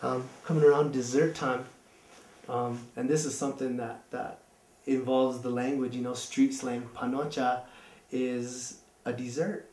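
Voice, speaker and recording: A man's voice: mid-range voice, flat delivery, measured pace, darkish tone, roomy sound. A man telling a personal story in a casual, rambling way, full of fillers.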